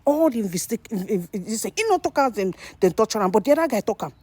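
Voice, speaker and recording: A Nigerian woman gives animated vlog commentary to her viewers. Her voice is warm and a little breathy. The sound is dry and close. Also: a little high, fast, no echo. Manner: animated, mixes Nigerian Pidgin and English. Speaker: vlogger. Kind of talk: casual commentary to camera.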